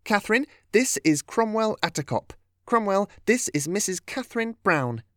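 A man voicing an excited young woman in a storybook reading, eager and exclaiming. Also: high-pitched, moderate pace, no room sound, studio quality, pitched above the performer's own voice.

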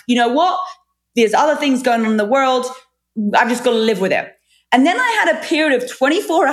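A fairly high-voiced woman in her thirties talks through her story in an easy, conversational way. She speaks frankly, drops the odd curse and restarts her sentences as she goes. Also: a bit bright. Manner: frank, swears casually, quick restarts. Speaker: guest, fitness trainer and author.

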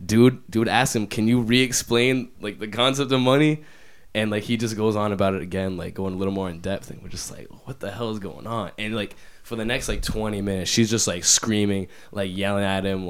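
A young man with a slightly low voice tells a story from his retail job in loose, rambling casual chat. He leans hard on filler words and restarts his sentences as he goes. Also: fairly even intonation, brisk, clean tone. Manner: rambling, heavy use of "like", restarts.

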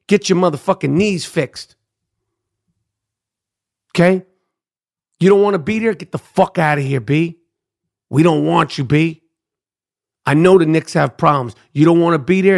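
A middle-aged man rants on his own podcast, brash and profane. His voice sits high for a man and has a gravelly rasp. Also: normal speed, long pauses. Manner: loud, brash, trash-talking, repeats "Duke". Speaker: podcast host. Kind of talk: profane ranting monologue.

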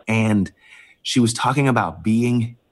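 A man being interviewed, telling a personal story with many pauses and fillers as he fights back tears. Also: medium pitch. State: emotional, close to tears. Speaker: interview guest.

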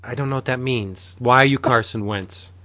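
A man's voice: mid-range voice, moderate pace, sharp tone. A man co-hosting a comics podcast in casual, joking banter, laughing often. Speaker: podcast co-host.

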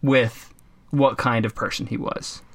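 A man co-hosting a casual podcast, talking in a sarcastic, profane way and jumping into high mocking voices for the people he quotes. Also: fairly even intonation, a little slow. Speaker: podcast co-host.

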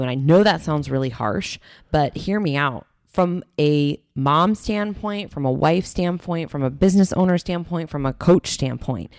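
A woman's voice: low voice, darkish tone, no room sound, clean studio sound. A woman co-hosting a podcast as a fitness coach, talking in a candid, emphatic, motivational way. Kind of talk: casual podcast chat.

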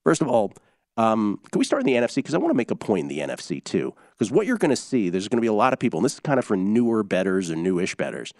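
Male sports radio host, low and animated, runs through stats in a loose ramble, dry close sound. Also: racing, creaky, dry recording.

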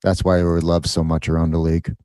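A man in his forties trades teasing, laughing banter as a podcast co-host, proudly opinionated. His voice is very low, recorded close and dry on a studio mic. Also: completely flat delivery, brisk, warm tone, dry recording. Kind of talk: casual chat.

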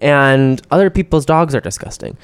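A man's voice: mid-range voice, expressive, normal speed, clean tone, no room sound. A man co-hosting a podcast in casual chat, chatty and campy, swearing casually. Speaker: podcast co-host. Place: New York City.

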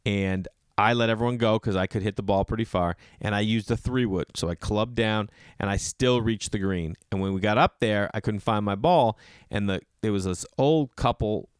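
A male comedian with a lowish voice tells casual stories at a normal speed, acting out the people in them with raised, exasperated voices. The sound is clean and studio-quality, with no room sound.

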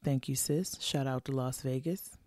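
Woman, 40s, podcast host, casual advice chat, slangy and frank, warm tone, dry sound. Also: very deep voice, fairly even intonation, moderate pace, dry recording. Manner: frank, slangy, playful, laughs often. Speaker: podcast host answering listener letters.

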